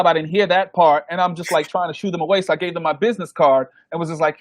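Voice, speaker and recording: A man tells stories from his DJ career, slipping into quoted voices and laughing as he goes. His voice sits a little high for a man. The sound is dry and close, with no room in it. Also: fast, hardly any pauses, no room sound. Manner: animated, acts out quoted voices, laughs often. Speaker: DJ guest. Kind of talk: casual interview storytelling.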